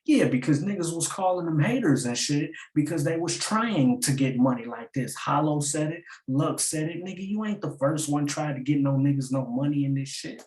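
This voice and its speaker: A man talks casually through rap lyrics line by line, slangy and loose, keeping his points going with repeated lines and a running "get it?". His voice is mellow and low-key. It sounds like a roomy space with plenty of echo. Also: lively intonation, moderate pace, few pauses. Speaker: battle rap breakdown host.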